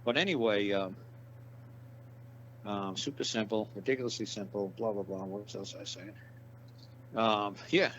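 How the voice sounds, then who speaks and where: A man telling a long story in a casual interview, rambling and swearing, acting out the lines of the people he quotes. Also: on the low side. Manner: rambling, profane, acts out quoted dialogue. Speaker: interview guest. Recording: dull lo-fi audio with faint hum.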